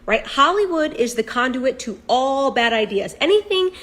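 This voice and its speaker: Woman, blunt political commentary, emphatic lecturing delivery, slightly high voice. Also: big pitch swings, normal speed, fairly bright tone. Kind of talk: opinion commentary.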